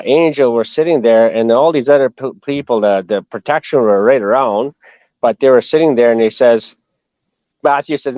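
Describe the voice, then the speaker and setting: A man's voice: mid-range voice, a little mellow, clear, resonant tone, dry recording. A man from Canada tells a long story as an interview guest. He rambles and restarts his sentences often. His voice comes through a slightly muffled video call in a dry, close space. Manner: rambling, with many restarts and asides. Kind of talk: casual storytelling.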